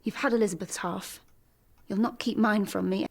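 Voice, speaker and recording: An actress playing an anxious, hurt young wife in a period TV drama. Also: female voice, mid-range voice, steady tone, moderate pace, gravelly, breathy edge. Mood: firm.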